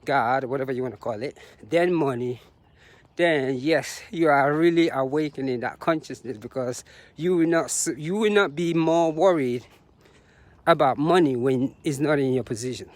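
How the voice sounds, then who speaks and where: A man's voice: mid-range voice, moderate pace, a little mellow, no room sound. A man talking to the camera while jogging outdoors on a road, slightly out of breath and sharing reflective, motivational thoughts with frequent laughs. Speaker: vlogger. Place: outdoors on a road beside traffic.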